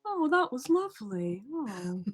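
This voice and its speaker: A woman voicing a gigantic, gentle male squid that is drowsy after a lullaby, with a bubbly voice. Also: high voice, very animated, a little slow, husky, faint music behind, pitched above the performer's own voice, heavily acted.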